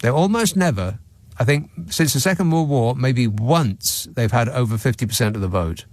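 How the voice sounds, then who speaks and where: A man's voice: medium pitch, lively intonation, moderate pace, darkish tone, no echo. A man hosting a radio phone-in, talking in a sarcastic, mocking, dry-witted way. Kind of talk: opinionated talk radio monologue. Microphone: studio microphone.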